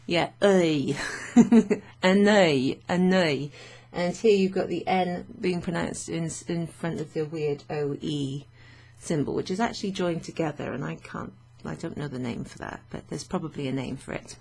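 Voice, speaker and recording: A woman's voice: deep voice, normal speed, creaky, warm tone, breathy edge. A woman teaching French vocabulary to learners, chatty and thinking aloud with fillers and frequent little laughs.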